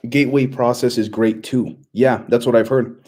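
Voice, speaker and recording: A man's voice: mid-range voice, fairly even intonation, moderate pace, darkish tone. A young man hosting a casual livestream, reading out chat questions and answering in a loose, rambling way with many fillers.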